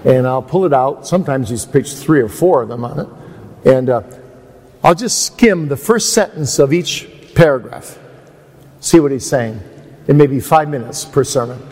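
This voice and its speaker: A seminar preacher with a medium-pitched, slightly mellow voice talks at a normal pace through a teaching sermon that is chatty and anecdotal. His manner is self-deprecating, and long hall reverb trails his words.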